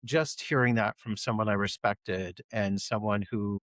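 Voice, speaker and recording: Soft-spoken, thoughtful man. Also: on the low side, steady tone, unhurried, dry recording. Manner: thoughtful, soft-spoken, self-described introvert. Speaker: elf performer, co-host. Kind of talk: casual fireside chat.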